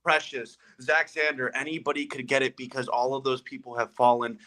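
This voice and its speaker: A man's voice: mid-range voice, steady tone, fairly quick, bright, forceful tone, poor audio. A man from Oaxaca, Mexico, a wrestler cutting a brash, boastful wrestling promo on a livestream chat. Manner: boastful, brash trash talk.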